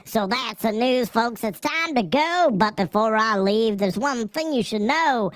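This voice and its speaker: A cranky, spiteful turnip grumbles out a rhyming news rant in a sing-song lilt, as a woman puts it on. The voice swings up and down with lively pitch, and the sound is dry and close. It sounds like a comic ditty made up on the spot. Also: measured pace, dry recording. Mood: grumpy sing-song.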